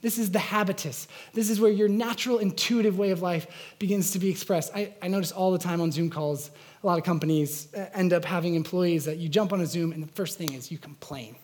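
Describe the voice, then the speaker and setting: A man's voice: sits high, a little fast, darkish tone. A man preaching a sermon as pastor, in an earnest, conversational way with frequent fillers and restarts.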